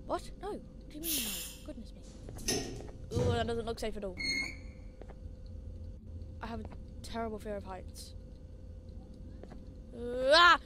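With a fairly high pitch, lively intonation, and normal speed broken by long pauses, this woman streams a horror game let's play amid heavy noise and loud game music. Easily startled, she shrieks often and speaks softly while pleading with and coaxing her companion.

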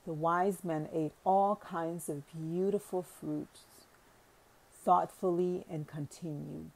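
A woman narrating a parable audiobook in a calm, deliberate reading. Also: sits low, vocal fry, rough recording. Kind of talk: scripted narration.

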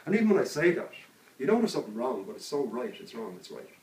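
A man's voice: mid-range voice, sing-song, fast, a little mellow. A man working as a street hypnotist, talking a subject into a trance with coaxing, repetitive suggestions. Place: outdoors on a street. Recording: roomy, distant mic with faint background noise.

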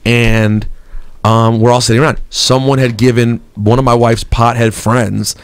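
A man's voice: medium pitch, level tone, measured pace, clear, resonant tone, dry recording. A man hosting a casual morning radio show, telling a story in a joking way and doing the voices of the people in it. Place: radio studio.

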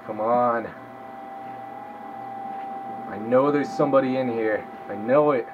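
A young gameplay commentator speaks slowly in a medium-pitched voice, the audio narrow and tinny with a noisy background. His casual let's-play commentary is full of swearing as he talks to himself while playing.

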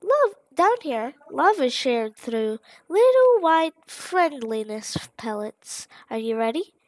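A sing-song, two-faced flower creature from a video game, as a woman puts it on while she plays, its sweetness barely hiding something sinister. The voice rides a little higher than her own and stays slow and drawn out. The sound is close and dry, with no room around it. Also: sing-song, dry recording, full character voice. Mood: falsely sweet. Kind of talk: reading game dialogue aloud.

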